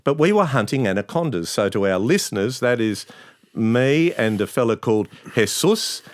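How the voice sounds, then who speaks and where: A middle-aged Australian man, a news presenter, telling animated stories in a podcast interview. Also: medium pitch, normal speed, dry recording. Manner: animated anecdotes, acts out quoted voices.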